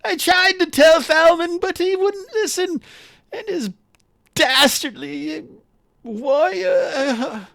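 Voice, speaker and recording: A man's voice: takes it slowly, creaky, fairly bright tone, dry recording, studio quality, exaggerated voice. A man doing a frantic poisoned man begging for help. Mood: pleading. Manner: frantic, pleading, high strained cries.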